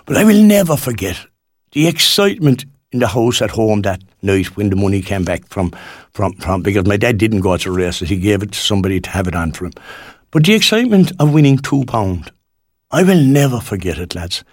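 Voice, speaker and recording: Gravelly Cork man on local radio. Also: on the low side, very animated, a little fast, darkish tone, no echo, studio quality. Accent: Cork Irish. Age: 60s. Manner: rambling and folksy, with many fillers and restarts. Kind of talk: chatty local radio presenting.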